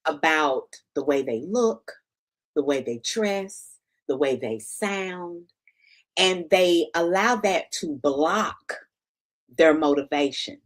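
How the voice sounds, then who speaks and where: A woman's voice: deep voice, animated, slow. A woman hosting an interview, effusive and affirming, cheering her guest on. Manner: effusive, affirming, says honey. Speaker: podcast host. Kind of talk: casual interview chat.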